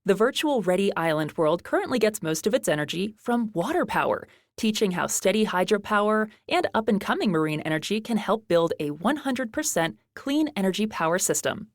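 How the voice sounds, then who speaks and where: A woman's voice: medium pitch, sing-song, a little fast, hardly any pauses, no echo. Friendly woman podcast co-host, dry studio. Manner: friendly, playful banter. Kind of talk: semi-scripted podcast chat.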